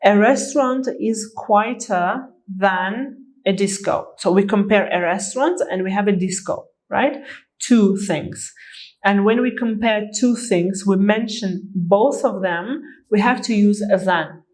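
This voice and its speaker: A woman teaching English whose first language is Azerbaijani, talking at a very slow, deliberate pace. She explains grammar patiently, says each example word more than once and checks that learners follow. Her pitch sits in a middling range. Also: darkish tone, poor audio. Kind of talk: online grammar lesson.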